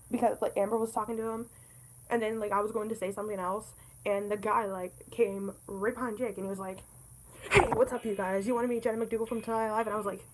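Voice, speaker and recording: A woman's voice: mid-range voice, darkish tone, poor audio. Young woman, vlogger, rambling casual story, lots of swearing, self-mocking.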